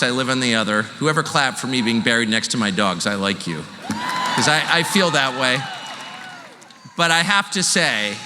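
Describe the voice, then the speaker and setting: A man hosting a live show, talking to a crowd in a joking, self-deprecating way. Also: medium pitch. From California. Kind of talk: stand-up style monologue to a live audience. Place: large venue with live audience. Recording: hall reverb, faint room noise.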